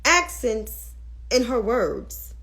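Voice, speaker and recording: A woman with a fairly high voice hosts a political livestream and gets heated and profane as she rants. She talks back to viewers' comments between her points. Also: sing-song, drawn-out words, gravelly, a bit bright.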